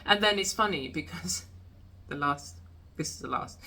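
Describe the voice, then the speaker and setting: A woman's voice: deep voice, a little slow, pushed and bright, slightly rough. A woman hosting a casual chat about creativity, reflective and chatty. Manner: reflective, chatty, laughs often. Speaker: host.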